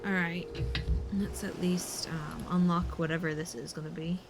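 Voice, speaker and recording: A woman's voice: lowish voice, steady tone, moderate pace. Chatty woman streamer over game music. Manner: chatty, hums to herself. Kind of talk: casual gameplay chat.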